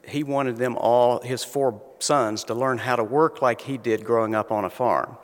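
A man with a Southern North Carolina accent, telling humorous stories in a slow, drawling talk. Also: mid-range voice, fairly even intonation. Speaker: invited speaker. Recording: long reverb of a lecture hall.

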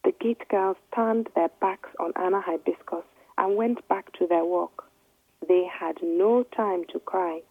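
Husky woman reading a children's story. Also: lowish voice, fairly even intonation, unhurried, no room sound. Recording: dry, tinny phone-like line.

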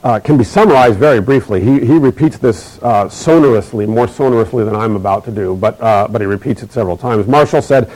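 A middle-aged man giving a recorded university lecture, measured and emphatic, slowing to repeat key phrases. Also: mid-range voice, darkish tone, rough recording.

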